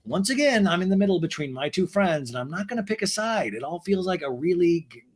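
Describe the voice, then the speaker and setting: A man's voice: sits high, sing-song, fast, voice pushed up. A man impersonating a friendly young woman restaurant owner in a raised voice.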